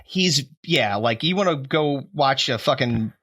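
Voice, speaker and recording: A man's voice: medium pitch, expressive, over a noisy crowd. A man co-hosting a podcast in casual chat, jokey and swearing freely. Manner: jokey, swears, quick reactions. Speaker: podcast co-host.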